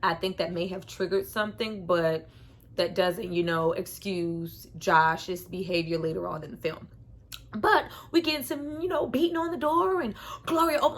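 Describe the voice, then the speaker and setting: Woman film reviewer, casual vlog delivery, slangy and animated, mid pitch. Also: moderate pace. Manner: animated, slangy, laughing between remarks.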